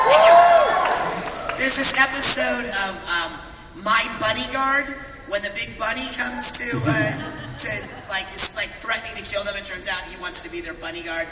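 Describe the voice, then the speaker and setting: Excitable high voiced guy joking on a con panel, echoey hall, noisy crowd. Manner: excitable, playful, quick to joke. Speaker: voice actor panelist. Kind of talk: comedic convention panel chat. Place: large convention hall. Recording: echoey convention hall from far, loud crowd.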